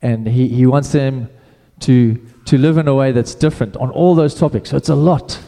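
Casual preacher in a reverberant hall. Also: male voice, medium pitch, moderate pace, mellow. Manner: casual, conversational preaching with repeated restarts. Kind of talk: sermon.

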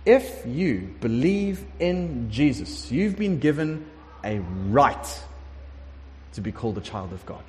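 A man preaching a conversational sermon, emphatic and lively, sometimes acting out prayers. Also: mid-range voice, slow pace, a little hiss or hum. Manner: conversational, emphatic, acts out prayers in shifting voices. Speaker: pastor. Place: warm room with congregation. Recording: long hall reverb.

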